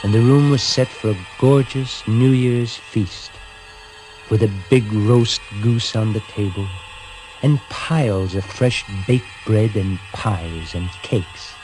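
Slow, low-voiced man reading a fairy tale. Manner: gentle, dramatic reading with hushed pauses. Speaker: storyteller. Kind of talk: scripted narration of a fairy tale. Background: music.

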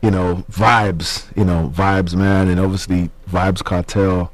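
Deep voiced musician guy, easygoing, lots of ums. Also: slow pace, no room sound. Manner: relaxed, hesitant, many fillers. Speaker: musician guest. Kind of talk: casual radio interview.

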